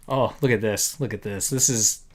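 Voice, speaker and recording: A man hosting a casual live discussion, chatty and full of fillers, reading quotes aloud. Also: mid-range voice. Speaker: podcast host.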